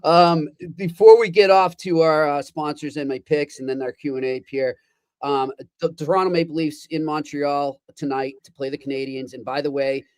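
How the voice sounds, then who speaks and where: A man co-hosting a casual podcast, his voice a little higher than average. He answers with short, easy reactions before steering toward the next segment. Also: steady tone, moderate pace, a little mellow, smooth, no echo. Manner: reacts briefly, easy laughter, then steers the show. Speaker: podcast co-host. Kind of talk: casual chat.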